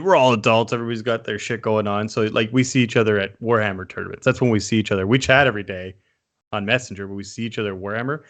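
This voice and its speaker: A man from Canada co-hosting a casual podcast, animated, swearing freely and laughing often. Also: on the low side. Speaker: podcast co-host.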